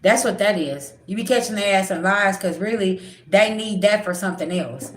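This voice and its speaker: A woman's voice: medium pitch, moderate pace, roomy sound, a little hiss or hum. A middle-aged woman, a spiritual reader, talking bluntly and animatedly in a casual livestream chat, swearing freely.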